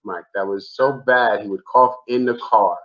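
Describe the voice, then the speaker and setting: A comedian from the Bronx, a man, telling a road story in a casual, animated chat and repeating himself for emphasis. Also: lowish voice, normal speed. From the Bronx, New York. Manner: animated, repetitive storyteller saying "man" a lot. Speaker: comedian guest. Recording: dull lo-fi remote audio.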